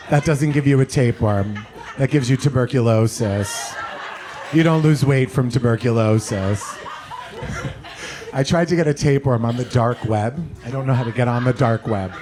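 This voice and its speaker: A man doing a stand-up set at a comedy club, delivering deadpan one-liners with quick self-corrections. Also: mid-range voice, a little hiss or hum. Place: comedy club stage with audience laughter.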